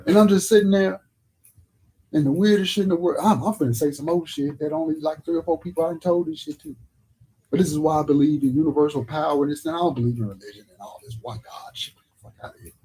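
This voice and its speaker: A man's voice: a little high, darkish tone, slightly rough, low-quality recording. A man on a podcast telling a personal story in a blunt, profane, drawling way. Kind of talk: casual storytelling chat. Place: live podcast studio.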